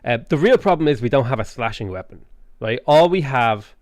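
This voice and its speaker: A man's voice: medium pitch, lively intonation, brisk, darkish tone, no room sound. A man casually chatting on a livestream while gaming, rambling and swearing freely, with jokey asides to chat. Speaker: streamer.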